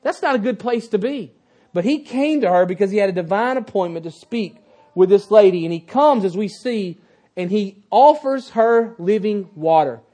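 High-voiced man preaching a sermon. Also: expressive, moderate pace, dark tone. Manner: emphatic, repeats key phrases; asks the congregation questions.

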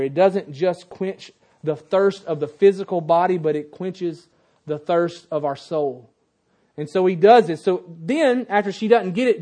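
High-pitched male preacher, emphatic sermon delivery, questions the congregation. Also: a little mellow. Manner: emphatic, repeats key phrases.

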